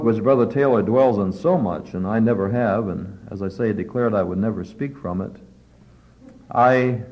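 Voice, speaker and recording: A middle-aged man preaching a sermon at a chapel service, fervent and building to loud emphatic peaks. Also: lowish voice, lo-fi sound.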